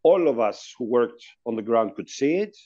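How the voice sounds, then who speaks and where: A man recounts an old work story in a loose, chatty way, laughing now and then. His voice is mellow and relaxed. The call audio sounds dull and muffled. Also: medium pitch, moderate pace. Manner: chatty, laughs between anecdotes. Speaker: hotel industry guest telling a story. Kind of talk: casual storytelling on a video call.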